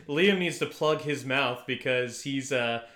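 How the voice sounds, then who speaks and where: A man with a bright, forceful voice co-hosts a casual podcast, rambling through recaps and restarting his sentences. He laughs easily, and the room gives his voice a noticeable echo. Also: medium pitch, slow pace. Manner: rambling, self-interrupting, laughs often. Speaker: podcast co-host. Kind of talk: casual chat.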